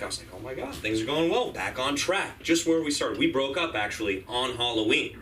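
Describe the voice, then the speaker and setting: Thirties male comic, wry deadpan stories, bright edgy voice, distant room mic with faint hum. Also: medium pitch, fairly quick, few pauses. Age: 30s. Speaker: stand-up comedian. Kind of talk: stand-up set at an open mic.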